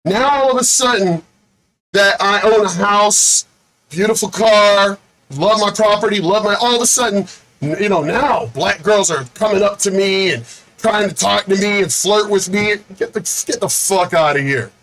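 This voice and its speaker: A man's voice: high voice, normal speed, fairly bright tone, rough recording. A man hosting his own video, delivering an angry, profane rant with lots of repetition. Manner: says he is angry and fed up. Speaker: video host.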